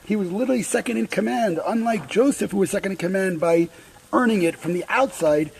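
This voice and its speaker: High-voiced man giving a casual Torah talk. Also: fairly quick, vocal fry, a little mellow, a little hiss or hum, poor audio. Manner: conversational, many restarts and asides. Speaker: Torah teacher. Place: outdoors by a grill.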